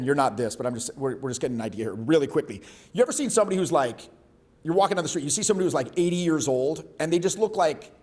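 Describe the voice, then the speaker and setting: A man teaches a room full of students, casual and profane, pushing his points in a bold, direct way. His voice sits a little higher than most men's. He talks like a coach, not a lecturer. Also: darkish tone. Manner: blunt, profane, conversational. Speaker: voice and presence coach. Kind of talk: live workshop coaching.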